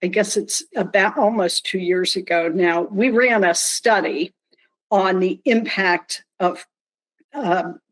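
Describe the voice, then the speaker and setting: Slow, deliberate woman with dry humor. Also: mid-range voice, low-quality recording. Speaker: panelist from a nonprofit. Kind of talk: online panel discussion. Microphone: video call.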